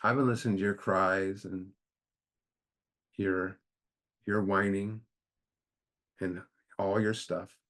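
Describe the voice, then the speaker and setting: A man doing a calm, shadowy stranger. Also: low voice, slow, long pauses.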